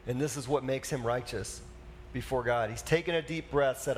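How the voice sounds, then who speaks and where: A man's voice: medium pitch, normal speed, a little hiss or hum. A man preaching a conversational sermon as a pastor, casual and chatty, with asides and fillers.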